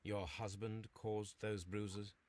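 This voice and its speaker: An actor playing a calm, methodical Victorian detective in a video game, questioning witnesses in measured, formal speech. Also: male voice, fairly low pitch. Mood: probing.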